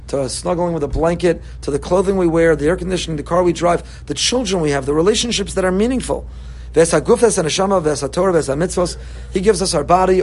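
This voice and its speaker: A man's voice: fairly high pitch, darkish tone, slightly rough. A man giving an impassioned Torah sermon, repeating phrases for emphasis and weaving in Hebrew terms. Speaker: rabbi giving a Torah talk.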